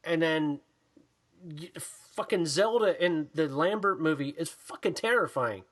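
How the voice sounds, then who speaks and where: A man co-hosting a podcast, chatting casually about movies in an animated, profane way, often acting out the voices he quotes. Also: on the high side, unhurried. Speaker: podcast co-host. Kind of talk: casual chat, movie review.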